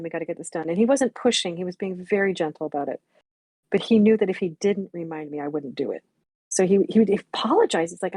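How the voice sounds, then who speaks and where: A woman's voice: mid-range voice, a little mellow, dry recording. A woman in her sixties reminiscing candidly and reflectively, speaking frankly and swearing bluntly at times. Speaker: memorial stream guest.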